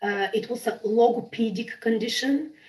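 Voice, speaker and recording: A woman whose first language is not English, chatting as an improviser guest over a video call, animated and quick to laugh. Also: on the high side, poor audio. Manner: animated, gushing, laughs often. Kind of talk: casual interview chat.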